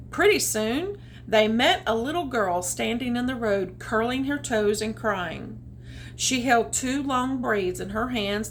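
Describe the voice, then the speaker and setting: A woman reading a children's picture book aloud, with chatty, animated asides about the pictures. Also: fairly high pitch, a little hiss or hum. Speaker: storytime reader. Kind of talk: children's read-aloud with commentary.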